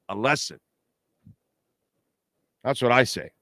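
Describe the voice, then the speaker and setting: A man's voice: mid-range voice, very animated, unhurried, long pauses, fairly bright tone, no room sound. Brash middle-aged man hosting a sports show. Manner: brash, trash-talking, reads sponsor plugs and super chats. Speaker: sports talk show host. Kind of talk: casual postgame livestream talk.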